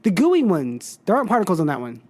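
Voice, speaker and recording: A woman's voice: lowish voice, quick pace. A young woman co-hosting a podcast, chatting casually and teasing her co-host. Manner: teasing, animated. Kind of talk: casual chat.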